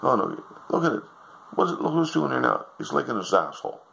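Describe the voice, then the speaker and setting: A man's voice: on the low side, huge pitch swings, a little fast, vocal fry, a bit bright, a little hiss or hum, pitched above the performer's own voice, heavily acted, poor audio. A man voicing a nagging wife who wants the dog gone, in an insistent, scolding tone. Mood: exasperated.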